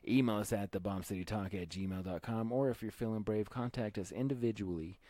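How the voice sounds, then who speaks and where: A Texan man with a lowish voice hosting a casual podcast. He rambles and stumbles through restarts, and the dry, close recording has no room sound. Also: dark tone, no room sound. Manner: rambling, repeats himself, halting restarts. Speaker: podcast co-host. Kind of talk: casual chat.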